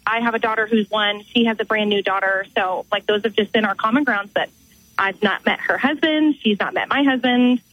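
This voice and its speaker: Young woman, radio caller, upbeat and casual, breathy, muffled phone line. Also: on the high side, dry recording. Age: young adult. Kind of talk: phoning in to a radio show.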